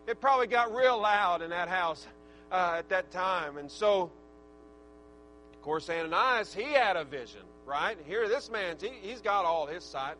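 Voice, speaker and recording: A male preacher delivering a fervent sermon, swinging from shouted praise to soft, reflective talk. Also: high-pitched, measured pace, soft background music, rough recording. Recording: steady mains hum.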